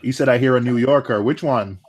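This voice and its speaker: Animated Jamaican-born man in his thirties. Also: mid-range voice, brisk, breathy edge. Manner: animated, laughing, repeats words as he talks. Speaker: live stream chat participant. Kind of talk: casual chat.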